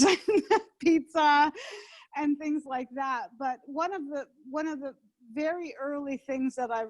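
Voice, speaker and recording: A middle-aged woman chef chatting in an interview, rambling with many restarts. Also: fairly high pitch. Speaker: interview guest, home chef. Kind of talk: casual interview chat. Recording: dull lo-fi sound.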